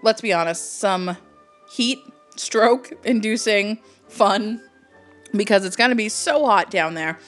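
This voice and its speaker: A woman from Cape Cod co-hosting a casual podcast, chatty and laughing often with quick asides. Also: medium pitch, soft background music. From Cape Cod, Massachusetts. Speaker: podcast co-host.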